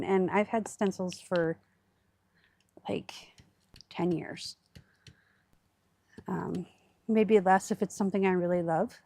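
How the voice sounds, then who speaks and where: A woman's voice: fairly low pitch, steady tone, slow, gravelly, pauses often, warm tone, slight background noise. A woman hosting a crafting livestream, chatting casually and thinking aloud with fillers as she works.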